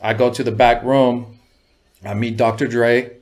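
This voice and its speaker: A man talks through old stories as a guest in a loose, easygoing way. He swears freely and keeps checking in with his listener. His voice sits at an ordinary middle pitch. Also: flat delivery, measured pace. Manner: laid-back, profane, full of "you know what I mean". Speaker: guest, music producer. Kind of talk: casual storytelling.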